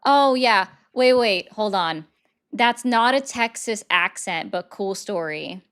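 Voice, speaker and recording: A woman's voice: medium pitch, expressive, fairly bright tone, clean tone. Chatty sarcastic woman hosting a livestream. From United States. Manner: chatty, sarcastic, quick asides. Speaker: host. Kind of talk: casual live-stream chat.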